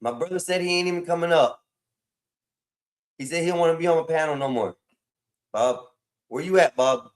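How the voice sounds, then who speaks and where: A man's voice: on the high side, normal speed, long pauses. A man hosting a casual livestream, rambling and repeating phrases as he talks to his chat. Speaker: livestream host.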